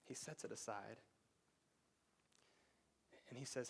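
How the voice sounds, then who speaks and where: A man preaching a sermon as pastor, talking conversationally and dropping to a hushed voice for emphasis. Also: mid-range voice, moderate pace, long pauses. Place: church sanctuary.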